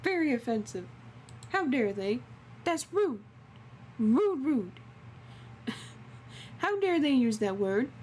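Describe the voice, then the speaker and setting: Giggly high-voiced woman streamer. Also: very animated, slow pace, pauses often, darkish tone, a little hiss or hum. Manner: giggly, laughs often and awkwardly. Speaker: game streamer. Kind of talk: casual let's-play chat.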